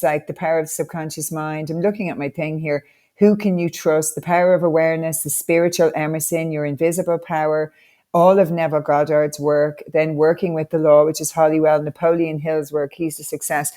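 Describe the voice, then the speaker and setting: A woman's voice: low voice, a little mellow. A woman coach, a podcast guest, telling stories with enthusiastic, motivational energy. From Ireland. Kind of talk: conversational podcast interview.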